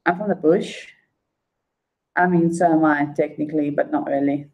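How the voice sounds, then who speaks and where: A woman's voice: low-pitched, steady tone, normal speed, a little mellow, lo-fi sound. A woman from South Africa chatting casually on a livestream in a rambling way full of fillers.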